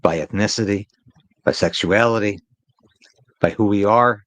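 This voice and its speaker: A man's voice: fairly low pitch, normal speed, rough recording. A man hosting a live political commentary stream, talking in an emphatic, opinionated way and repeating phrases to drive a point home.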